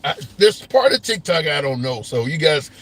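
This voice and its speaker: A man's voice: on the high side, sing-song, moderate pace, a bit bright. A man hosting a live call-in talk stream from a phone, talking through opinions conversationally with restarts. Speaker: talk show host. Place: car.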